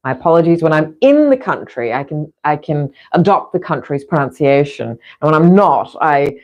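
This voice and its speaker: A woman's voice: deep voice, animated, moderate pace, a little mellow, dull audio. A middle-aged woman vlogger chatting casually in a rambling way, with frequent restarts. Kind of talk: casual chat.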